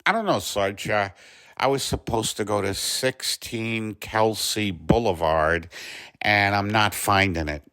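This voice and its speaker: A hoarse man playing a confused, bumbling patrol cop in a comedy sketch, hesitant and full of uhs. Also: on the low side, measured pace, sharp tone, dry recording, studio quality. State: hoarse from bronchitis.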